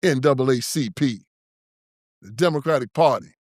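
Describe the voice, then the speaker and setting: At a moderate pace and medium pitch, a slightly mellow male voice delivers his own show's political commentary. The monologue is emphatic, preachy and combative, and the clean studio sound has no room noise.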